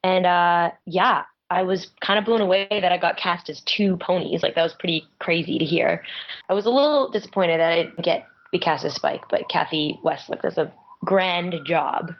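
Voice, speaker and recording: A woman with a naturally raspy voice, a voice actress chatting as an interview guest, casual and full of "like" fillers. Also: lowish voice, normal speed, dull audio. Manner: chatty, lots of "like" fillers, laughs often.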